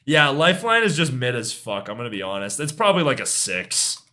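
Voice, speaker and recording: A man's voice: medium pitch, sing-song, a little fast, bright, forceful tone. A young man streaming music reviews in casual chat, laid-back, swearing freely and trailing off with shrugging asides.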